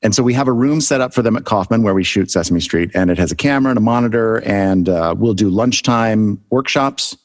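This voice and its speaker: A man hosting a casual group conversation, explaining things in a relaxed, instructive way. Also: lowish voice, a little fast, hardly any pauses. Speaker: podcast host and mentor.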